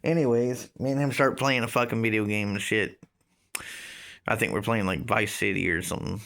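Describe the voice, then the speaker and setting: A man's voice: fairly low pitch, steady tone, brisk, gravelly, fairly bright tone. A man in his thirties casually telling a story, rambling with lots of fillers and swearing. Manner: rambling, profane, filler-heavy. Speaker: vlogger.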